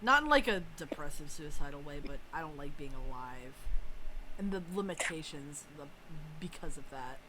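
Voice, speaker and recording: A woman's voice: deep voice, lively intonation, moderate pace, crowd noise, poor audio. A young woman chatting before running a tabletop game on a voice call, worn out and yawning, swearing as she vents. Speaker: dungeon master.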